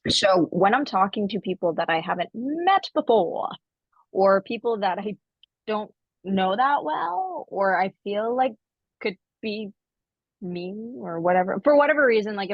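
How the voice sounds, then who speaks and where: A woman co-hosting a podcast, telling stories in casual chat and acting out quotes in high voices. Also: dry recording, muffled recording. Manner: animated storyteller, acts out quotes in high voices. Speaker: podcast co-host.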